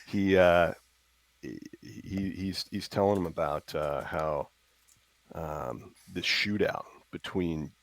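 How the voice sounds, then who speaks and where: A man playing a tabletop game, telling his character's story with lots of laughs and halting fillers. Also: sits low, gravelly, no echo. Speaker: player.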